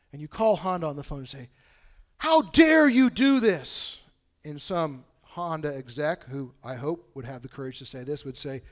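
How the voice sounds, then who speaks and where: A man preaches a sermon in a chatty, conversational way. His voice sits a bit high for a man. He drops low and quiet, then swells into loud, emphatic outbursts. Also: gravelly. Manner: conversational, swings from hushed to loud emphatic bursts. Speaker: pastor.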